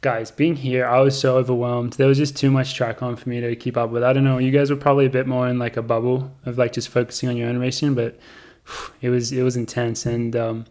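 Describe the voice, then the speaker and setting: A young man hosting a casual podcast chat, relaxed and rambling. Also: medium pitch, brisk. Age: young adult. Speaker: podcast host.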